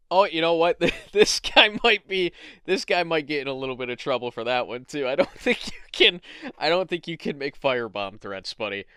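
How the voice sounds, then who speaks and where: High, bright sarcastic man. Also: expressive, moderate pace, smooth, no room sound, clean studio sound. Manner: sarcastic, swears, laughs often. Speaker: internet commentator. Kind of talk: casual commentary vlog.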